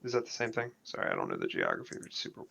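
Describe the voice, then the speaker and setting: A man's voice: rumbling low, huge pitch swings, racing, vocal fry, pushed and bright, breathy edge. A man playing his character in a tabletop game, speaking hesitantly with fillers and restarts. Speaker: player. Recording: dull lo-fi mic.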